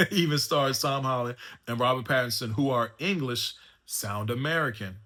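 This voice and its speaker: A man's voice: mid-range voice, a little slow, sharp tone. A man hosting a casual spoken movie review, talking loosely with lots of fillers and restarts. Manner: loose and chatty, full of fillers and restarts like "man" and "you know what I'm saying". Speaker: movie reviewer and channel host.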